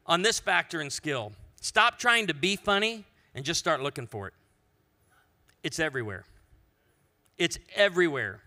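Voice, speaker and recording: A man speaks from the stage as a pastor, telling funny stories with quick asides. His voice is bright and sits a little high. It carries a long reverb from a large hall. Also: animated. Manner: storytelling with comic asides. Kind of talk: humorous conference talk.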